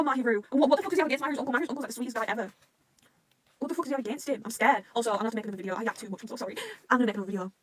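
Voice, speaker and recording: A woman reacting to a manga arc, rambling and swearing often, swinging between rants and excitement. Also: a little high, breathy edge. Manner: swears constantly, rambling, quick emotional swings.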